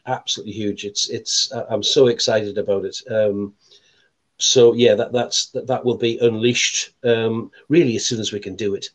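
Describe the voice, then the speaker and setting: A man in his sixties, a guest musician in a casual chat, hesitant and full of fillers and restarts. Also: medium pitch.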